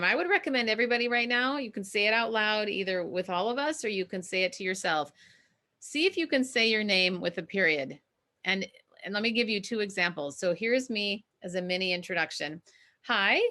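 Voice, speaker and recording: A middle-aged woman from Minnesota, a communication coach teaching an online class in an energetic, emphatic and encouraging way. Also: mid-range voice.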